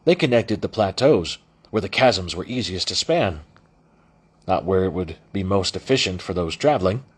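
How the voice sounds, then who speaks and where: A man's voice: low-pitched, expressive, moderate pace, breathy edge. A man reading a novel aloud as an amateur audiobook narrator, with frequent restarts and self-corrections. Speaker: audiobook reader.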